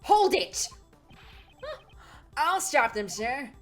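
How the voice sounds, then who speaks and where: Woman doing a loud, eager male detective. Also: high voice, expressive, takes it slowly, faint music behind, voice pushed up, heavily acted.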